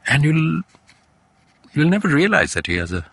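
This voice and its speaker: Older male guest, Indian English accent, lively storytelling, bright husky tone, dry studio. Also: on the high side, moderate pace, dry recording. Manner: animated anecdotes, slips into Hindi, acts out quoted family voices. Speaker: guest, voice artist. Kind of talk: relaxed storytelling in conversation.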